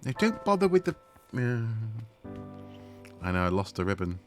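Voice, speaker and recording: A man casually commenting on his own gameplay as he streams, excitable and talking to the characters on screen. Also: mid-range voice, normal speed, over music. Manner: excitable, talks to the game characters.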